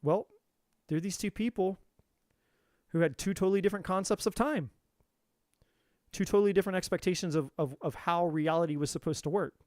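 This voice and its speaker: A man with a slightly high voice tells a heated story on a live tarot stream. He swears freely and circles back over the same phrases as he builds his point. The sound is close and dry. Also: a little fast, pauses often, a little mellow, no echo. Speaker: tarot reader. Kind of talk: live-stream spiritual talk.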